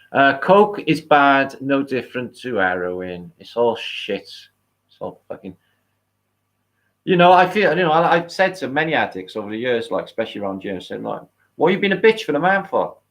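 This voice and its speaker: A man's voice: fairly low pitch, animated, normal speed, a bit bright. A man with a British accent hosting a casual livestream, rambling, swearing and thanking viewers by name. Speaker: livestream host. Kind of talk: casual live-stream chat.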